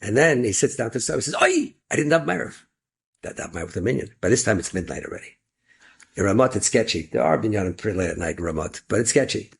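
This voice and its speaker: Gravelly rabbi telling a story animatedly. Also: male voice, fairly low pitch, very fast. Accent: American Yeshivish English with Hebrew and Yiddish words. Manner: animated storytelling, acts out dialogue with rising voice. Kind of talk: inspirational story told to an audience.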